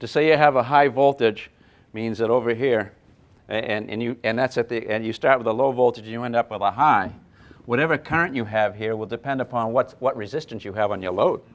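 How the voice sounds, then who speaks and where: A man teaching a live physics workshop for teachers, animated and thinking aloud, poking fun at himself when he gets mixed up. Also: medium pitch, a little fast. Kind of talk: live classroom lecture. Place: lecture room with a live audience of teachers.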